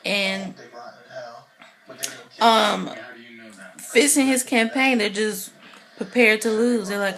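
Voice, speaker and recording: Chatty woman gushing through a tv episode recap, lots of you know, mid pitched voice. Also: slow pace, long pauses. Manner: excitable and chatty, full of "you know" fillers. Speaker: TV recap vlogger.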